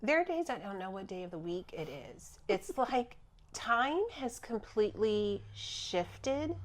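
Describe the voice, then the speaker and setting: A woman guest speaking about healing in a casual chat, animated and earnest, often breaking into laughter. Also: mid-range voice, a little slow. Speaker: guest, spiritual healer.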